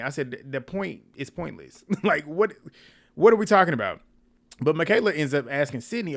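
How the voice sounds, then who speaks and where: A man hosting a casual reality TV recap, animated and laughing often as he quotes the cast with exasperation. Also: medium pitch. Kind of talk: casual reaction commentary.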